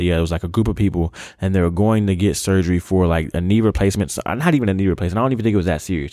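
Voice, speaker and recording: A man's voice: deep voice, a little mellow, no room sound, studio quality. A man co-hosting a faith podcast, telling a story in casual chat and ending with emphatic conviction. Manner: affirms with short interjections, then tells a story with emphatic conviction. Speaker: podcast co-host.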